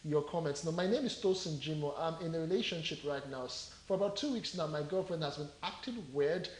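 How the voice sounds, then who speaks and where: Host guy fielding calls, brisk and polite, roomy echo. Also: fairly high pitch, a little hiss or hum. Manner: brisk, polite, prompts callers. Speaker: show host taking callers. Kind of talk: call-in show hosting.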